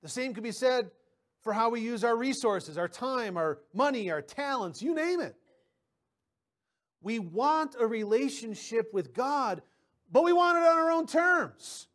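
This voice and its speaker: A man's voice: extremely high pitch, animated, a little slow, fairly bright tone. A man preaching a sermon as pastor, talking conversationally with personal stories and often repeating words as he starts a sentence.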